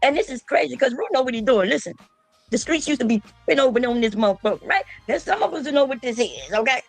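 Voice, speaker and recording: A woman streamer giving loud, mocking commentary, laughing often and mimicking the people she talks about. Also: sits high, sing-song, fast, vocal fry, faint music behind. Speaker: streamer reacting to a panel. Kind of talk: casual livestream commentary.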